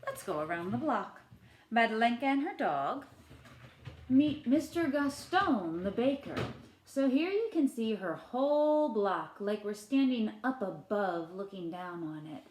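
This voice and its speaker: A woman teacher reading a picture book aloud to children, asking gentle questions and putting on playful voices for the characters. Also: on the high side, sing-song, a little slow, roomy sound, a little hiss or hum. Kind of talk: children's read-aloud lesson.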